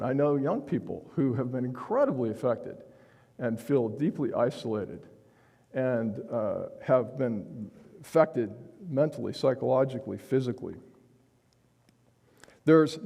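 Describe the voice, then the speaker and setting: A man's voice: mid-range voice, a little mellow, long reverb tail. A male pastor preaching a sermon in a church sanctuary, speaking earnestly and with emphasis, often restarting his phrases.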